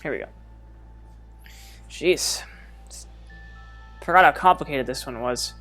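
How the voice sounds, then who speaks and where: A man's voice: mid-range voice, slow, a bit bright, soft background music. A young man giving casual gameplay commentary, thinking aloud and swearing now and then. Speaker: gameplay streamer.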